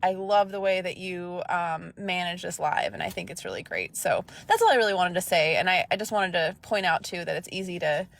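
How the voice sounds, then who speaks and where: Halting woman with a lowish voice. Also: creaky, a bit bright. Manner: halting, searches for words, many fillers. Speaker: livestream guest. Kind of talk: casual chat.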